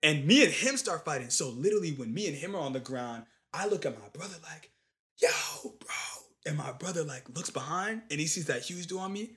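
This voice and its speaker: A young man in casual chat, telling a long story in animated, slangy talk with lots of fillers. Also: a little high, fast talker, hardly any pauses.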